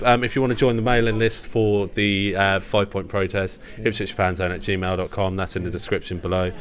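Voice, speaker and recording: An English man hosting a football fan show, briskly wrapping up and signing off. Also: fairly low pitch, level tone, fairly bright tone. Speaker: host. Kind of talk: fan podcast sign-off.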